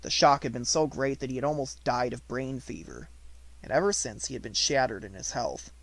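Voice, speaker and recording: A man reading a classic novel aloud as an audiobook narrator, in a steady, even storytelling voice. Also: mid-range voice, fairly quick, creaky, no echo, poor audio.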